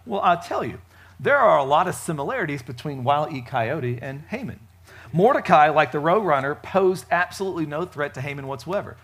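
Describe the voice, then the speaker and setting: A man preaching a casual sermon at a church service, chatty and joking, with frequent fillers and lively swings in loudness. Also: a little high, brisk. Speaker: pastor.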